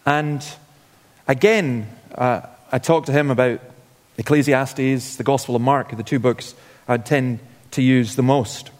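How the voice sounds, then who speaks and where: A man's voice: medium pitch, steady tone, unhurried. Scottish-based man preaching in a reverberant church. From Scotland. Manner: informal, storytelling, wry asides. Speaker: guest preacher. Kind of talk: sermon. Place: church hall. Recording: long hall reverb.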